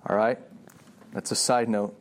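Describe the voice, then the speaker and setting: A man preaching a sermon, animated, often restarting his phrases and acting out voices in the story. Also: a little slow. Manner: animated, acts out God's voice with rising pitch; frequent restarts and repeated words.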